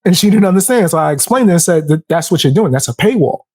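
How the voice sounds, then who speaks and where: Animated man telling stories, bright-ish voice. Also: high voice, fast, no room sound, studio quality. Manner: animated storyteller, acts out quotes in a raised voice. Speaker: podcast host. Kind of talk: casual podcast chat.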